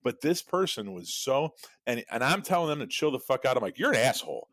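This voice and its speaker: A man's voice: medium pitch, lively intonation, a little fast, a bit bright, no room sound. A man co-hosting a podcast, telling a rambling, profane story in casual chat with frequent laughs. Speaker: podcast co-host.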